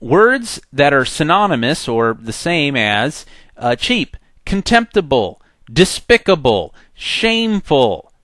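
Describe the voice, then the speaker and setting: A man teaching a software tutorial in a chatty way, acting out the program's messages in little voices. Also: on the high side, big pitch swings, slow, no room sound. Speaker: software instructor. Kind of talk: screen-recorded software tutorial.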